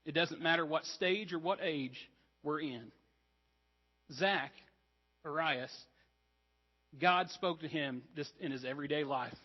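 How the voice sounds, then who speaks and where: A man's voice: a little high, slow, pauses often, big-room sound, muffled recording. A man preaching a sermon as pastor, conversational and earnest, with casual asides to the congregation. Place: church sanctuary.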